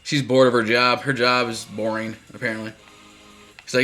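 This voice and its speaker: A male streamer rambles through live gameplay commentary in a bright, forceful, mid-range voice with a level tone and normal speed. He's chatty, laughs easily, and breaks off to answer viewers while soft game music plays faintly beneath him.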